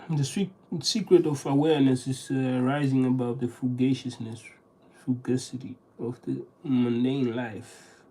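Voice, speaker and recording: In a relaxed solo session, a person practices vocabulary by reading aloud, halting, restarting often, and sounding out words as they think aloud. Their mid-range voice is warm and slightly rough with fairly even intonation, over poor audio.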